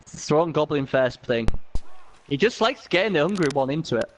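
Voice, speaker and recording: Male co-commentator for a game match, high voice, excitable, laughs a lot, repeats himself. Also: moderate pace, a little hiss or hum.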